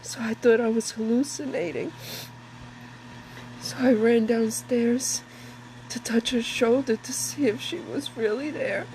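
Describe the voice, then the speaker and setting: A woman's voice: a little high, steady tone, a little slow, a little mellow, slight background noise, poor audio. A grieving mother tells of a dream through tears, her voice breaking as she halts and repeats herself. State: crying. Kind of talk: tearful personal account.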